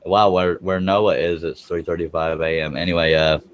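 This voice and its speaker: A man's voice: low-pitched, fairly even intonation, normal speed, lo-fi sound, a little hiss or hum. A man, chatting on a live stream as a guest woodworker, rambling and correcting himself as he goes. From Texas. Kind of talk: casual live-stream chat. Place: home, smoking while talking.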